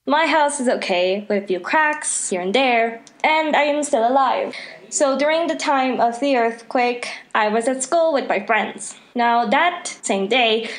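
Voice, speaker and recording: A teenage girl from Mexico, earnestly telling a personal story about her school in a casual way. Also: on the high side. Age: teens.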